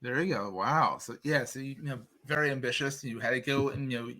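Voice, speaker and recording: A man hosting a podcast interview, joking and quick to affirm his guest in casual chat. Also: medium pitch, pushed and bright. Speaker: podcast host.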